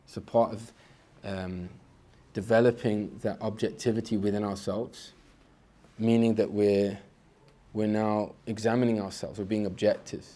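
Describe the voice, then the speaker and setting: Low-voiced man teaching casually. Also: flat delivery, moderate pace, mellow. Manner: conversational, repeats words at the start of phrases; acts out inner voices with sudden pitch jumps. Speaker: Islamic teacher. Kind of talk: informal spiritual lecture.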